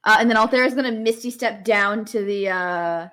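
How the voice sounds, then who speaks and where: A woman playing a tabletop role-playing game, upbeat and quick. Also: medium pitch, fairly bright tone, smooth. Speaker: player.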